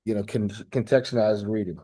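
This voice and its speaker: A man's voice: on the low side, steady tone, brisk, warm tone, slightly rough. Man teaching a language class. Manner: repeats and restarts, quizzes the student with questions. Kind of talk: live language class lecture.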